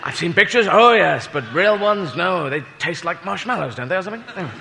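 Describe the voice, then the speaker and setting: A man's voice: sits high, lively intonation, fast, creaky, sharp tone, big-room sound. A British man performing a rambling, self-mocking stand-up routine with plenty of swearing. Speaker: stand-up comedian.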